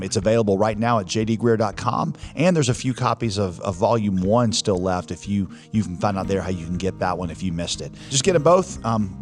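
A male pastor talking casually, relaxed, with fillers and small restarts. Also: fairly low pitch. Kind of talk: casual studio chat.

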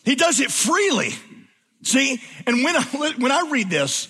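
Male preacher, sermon, bright husky voice, hushed to loud swings, echoing church. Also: very high voice, sing-song. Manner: swings from hushed, slow emphasis to loud exclamation. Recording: long hall reverb.

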